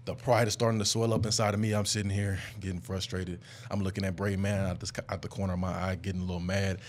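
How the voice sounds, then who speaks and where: A young man hosting a podcast, telling a story in a casual, animated way and leaping up in pitch when he acts out quotes. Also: fast talker. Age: young adult. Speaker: podcast host. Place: studio.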